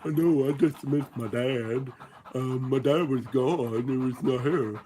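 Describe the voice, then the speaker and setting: A man voicing his young male pet dog, who talks slowly and rambles about missing his dad. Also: mid-range voice, dark tone, a little hiss or hum, close to an everyday voice. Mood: wistful.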